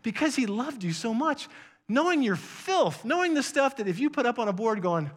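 A man in his sixties preaching a sermon in a conversational way, with jokey asides and repeated phrases, swinging from emphatic bursts to a hush. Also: very high voice, normal speed. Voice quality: animated and emphatic, with sudden drops to a hush. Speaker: pastor.

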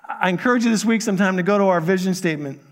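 High-voiced earnest male pastor preaching. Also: rapid-fire, big-room sound. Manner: earnest, repeats phrases for emphasis. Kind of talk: sermon.

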